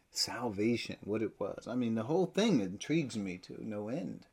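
Husky, emphatic male preacher. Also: on the low side, expressive, moderate pace. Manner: emphatic, swings from loud stresses to near-whispers. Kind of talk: sermon.

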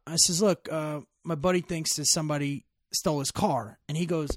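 A man's voice: fairly high pitch, moderate pace, hardly any pauses. A man telling stories in casual chat, emphatic and full of profanity.

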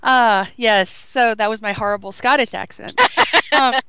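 A woman's voice: on the high side, moderate pace, very noisy. A woman hosting a radio show in casual chat, bubbly and chatty, full of ums and restarts.

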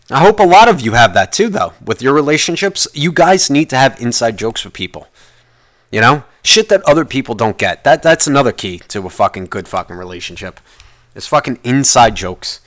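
Male podcast host, solo rant, middle pitch, animated delivery, heavy profanity. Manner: profane, rambling, swears constantly. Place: lives in the United States.

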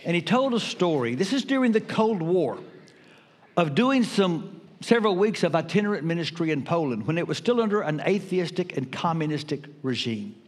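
Older preacher, lively swinging pitch. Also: male voice. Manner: emphatic preaching with dramatic pauses and pitch swings. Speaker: pastor. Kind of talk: sermon. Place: church sanctuary. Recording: reverberant church hall.

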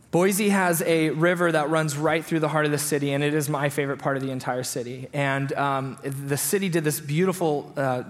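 A pastor in his thirties preaches to his congregation, and his slightly raised voice carries a long reverb from the hall. He tells his stories with animation and voices the other people in them along the way. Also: on the high side. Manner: storytelling, animated quotes of himself and others. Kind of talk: sermon. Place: church hall.

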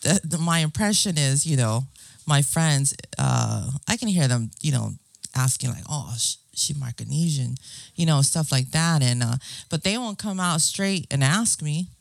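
A woman's voice: deep voice, expressive, moderate pace, gravelly, dry recording. A middle-aged woman from Guam, talking earnestly in a casual interview and often asking "you know what I'm saying". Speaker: guest.

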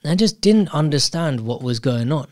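A man's voice: fairly high pitch, expressive, normal speed, darkish tone, dry recording. Man, casual monologue, candid, self-reflective, restarts sentences, dry close recording. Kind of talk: casual personal storytelling monologue.

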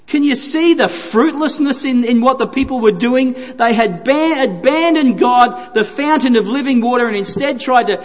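A man's voice: very high-pitched, moderate pace, hardly any pauses. A man preaching a sermon, earnest and emphatic, repeating phrases for stress. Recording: reverberant hall.

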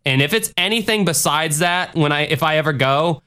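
Profane, rambling podcast host. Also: male voice, a little high, fairly quick, clean tone. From Florida. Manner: profane, rambling, animated rants. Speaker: podcast host answering listener questions. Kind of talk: casual podcast rant.

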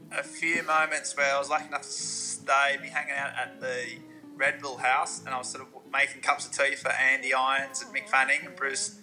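Man, podcast guest, casual anecdotes, self-deprecating, bright sharp voice, faint music behind. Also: fairly high pitch, poor audio. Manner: modest, self-deprecating storyteller.

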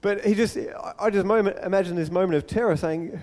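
Guy pastor preaching, fairly high voice, big echoey hall, acts out the story as he goes. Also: brisk. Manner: animated storytelling, acts out the scene. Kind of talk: sermon.

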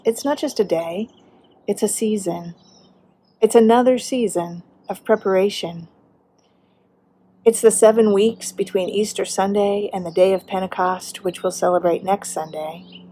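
A middle-aged woman pastor preaching a sermon, earnest and measured, slowing down for emphasis. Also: mid-range voice, mellow.

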